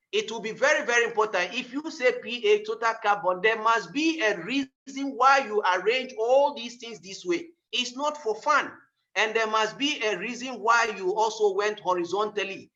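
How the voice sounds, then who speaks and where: A man's voice: high voice, pushed and bright, dull audio. A middle-aged male professor giving an academic lecture on writing papers. He talks emphatically, repeats himself for stress and asks rhetorical questions.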